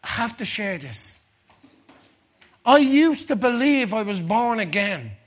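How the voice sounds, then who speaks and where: High-voiced man preaching testimony. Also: very animated, takes it slowly. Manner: builds from quiet storytelling to loud fervent preaching. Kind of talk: testimony sermon.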